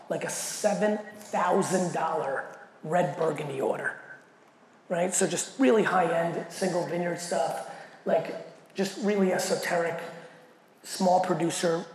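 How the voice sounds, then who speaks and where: A man giving a keynote talk, telling a story in an animated, profane way and acting out the quoted dialogue. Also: high-pitched. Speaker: keynote speaker. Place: large event hall. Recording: echoey hall with faint noise.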